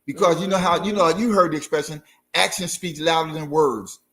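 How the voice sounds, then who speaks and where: A man co-hosting a marriage talk show, agreeing easily and giving calm, encouraging advice. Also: on the high side, fairly quick. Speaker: marriage podcast co-host. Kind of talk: casual chat.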